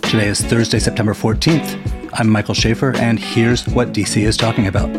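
A man from Washington, D.C. with a lowish voice, hosting a podcast. He asks questions in a chatty, casual way, with plenty of "like" fillers. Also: flat delivery, fairly quick, over loud music. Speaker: podcast host. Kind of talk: conversational interview hosting.

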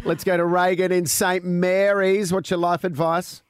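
High-voiced man radio host. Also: level tone, moderate pace, smooth, no room sound, studio quality. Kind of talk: breakfast radio banter.

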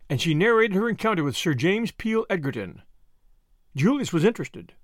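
A man reading an audiobook aloud, measured and expressive. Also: a little high, no echo, studio quality. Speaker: audiobook narrator. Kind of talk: audiobook narration.

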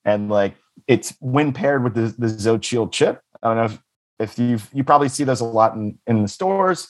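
A man's voice: mid-range voice, moderate pace. A man in his thirties from the United States chatting casually, rambling and joking with lots of restarts and swearing. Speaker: co-host. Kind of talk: casual chat.

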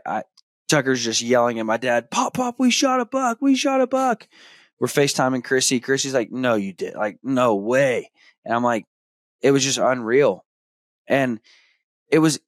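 A man tells a long story on his podcast in a loose, chatty way. His voice sits at an ordinary pitch, and the sound is close and dry. He jumps into high, excited shouts when he quotes his son. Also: no room sound. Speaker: podcast host. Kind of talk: casual storytelling.

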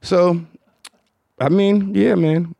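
A man with a Detroit accent hosting a casual podcast, talking in a low, mumbled, rambling way with lots of fillers and swearing. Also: steady tone, extremely slow, vocal fry, warm tone, dry recording. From Detroit, United States. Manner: low-toned, mumbled, hard-to-follow delivery; loose, profane, rambling with many fillers. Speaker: podcast host. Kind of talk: casual chat.

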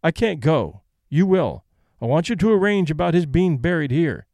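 This is a brisk old lady in a storybook reading who meets grief with practical plans, voiced by a male narrator. Her voice sits a little high, and she talks crisply and decisively. The sound is dry and close. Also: very animated, a little mellow, dry recording. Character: older woman, brisk, stoic, practical invalid.

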